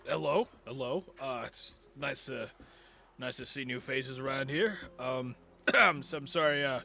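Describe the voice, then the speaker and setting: A stammering, eager village blacksmith, put on by a man running a tabletop game, who keeps tripping over his words. He speaks a little higher and louder than a plain talking voice. The voice stays rushed and keen to sell. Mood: flustered. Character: flustered middle-aged male village blacksmith.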